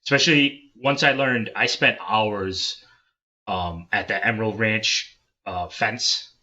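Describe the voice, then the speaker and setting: Brief: male podcast guest, low pitch, very bright edgy tone, loose and casual. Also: slow pace, muffled recording. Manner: loose, swearing, explanatory. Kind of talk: casual gaming chat.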